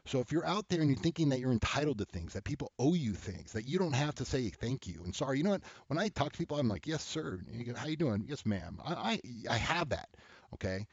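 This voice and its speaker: A man's voice: mid-range voice, sing-song, fast, slightly rough, no echo. Blunt, heated man, dry and dull. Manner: blunt, heated, repeats "okay?". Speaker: host of an advice show. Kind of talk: casual advice talk to camera.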